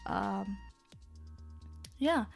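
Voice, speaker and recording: A woman's voice: drawn-out words, soft background music. A woman streamer in casual live-stream chat, sounding sick as she rambles apologetically between sighs and groans.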